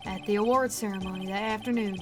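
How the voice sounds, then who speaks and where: A woman's voice: mid-range voice, fairly even intonation, quick pace, over music, close to an everyday voice. Woman doing a drawling cowboy detective. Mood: folksy. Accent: put-on American cowboy drawl. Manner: easygoing, drawling folksy sayings. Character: folksy cowboy detective man, laid-back. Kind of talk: reading game dialogue aloud.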